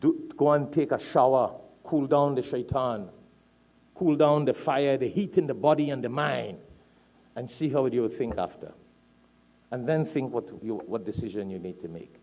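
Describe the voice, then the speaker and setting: A Trinidadian Islamic preacher delivers a sermon in a mid-range voice at a normal speed. He tells stories in an animated way, hammering points with emphatic repetition.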